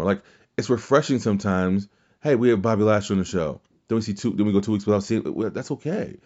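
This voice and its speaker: Dude doing a solo podcast rant, kinda low voice, swears a lot, dull lo-fi audio. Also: male voice, a little mellow. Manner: rambling, profane, with restarts and mimicked quotes. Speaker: podcast host. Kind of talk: casual wrestling podcast monologue.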